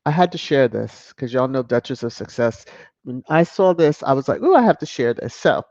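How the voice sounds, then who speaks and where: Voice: medium pitch, sing-song, moderate pace, dry recording. A commentator on a video channel, sassy and mocking, chuckling often while reading headlines and viewer comments aloud. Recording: dull lo-fi, dry close mic.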